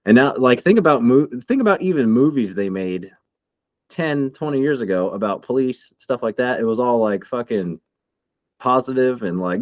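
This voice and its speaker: A man's voice: mid-range voice, animated, normal speed, dry recording, highs cut off. A man in his thirties co-hosting a casual podcast chat, heated and swearing a lot. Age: 30s. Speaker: podcast co-host.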